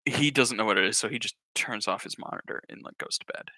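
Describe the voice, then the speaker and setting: A young man and YouTuber telling a comic story in an animated, jokey way. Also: lowish voice, fast, dry recording. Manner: animated, jokey, breaks off with laughter. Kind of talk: comedic storytelling.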